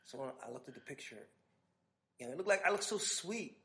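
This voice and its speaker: Fast-talking man telling a story. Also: a little high. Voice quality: animated, full of restarts and asides. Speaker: podcast host. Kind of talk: casual storytelling chat.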